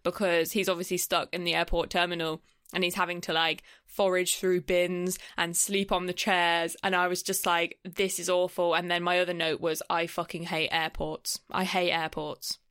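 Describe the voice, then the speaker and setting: A woman, co-hosting a podcast and chatting casually about a film, swearing freely and drifting into quick asides. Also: on the low side, flat delivery, a bit bright, smooth, no room sound, studio quality. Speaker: podcast co-host. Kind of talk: casual film review chat.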